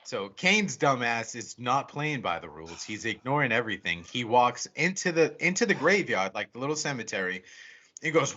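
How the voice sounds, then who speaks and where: Man, podcast co-host, casual and profane, bright voice, lively swooping pitch, dull lo-fi sound. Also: fairly quick. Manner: excitable, profane plot retelling with quoted lines. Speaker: podcast co-host reviewing a horror movie. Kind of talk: casual chat.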